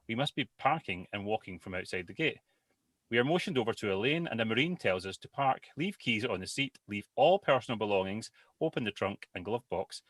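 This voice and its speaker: Bright, dry-sounding man reading aloud. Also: fairly low pitch, dry recording. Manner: stumbles over words, restarts. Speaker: podcast co-host. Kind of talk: reading a listener's post aloud.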